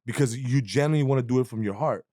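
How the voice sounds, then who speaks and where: A man, telling an animated story as a guest comedian in a casual chat, swearing freely and acting out voices. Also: mid-range voice, rapid-fire, no room sound, studio quality.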